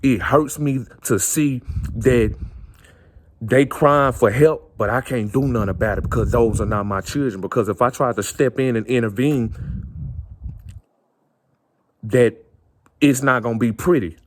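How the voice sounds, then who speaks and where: A man's voice: mid-range voice, a little slow, long pauses. Earnest man repeating himself passionately. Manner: earnest and repetitive, circling back on phrases. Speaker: vlogger. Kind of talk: impassioned personal monologue.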